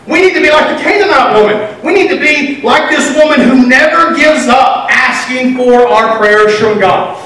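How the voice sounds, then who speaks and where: A male pastor preaching a sermon with passion, now shouting, now dropping almost to a whisper. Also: very high voice. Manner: impassioned, rising to shouts and dropping to near whispers. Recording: echoey room, voice from some distance.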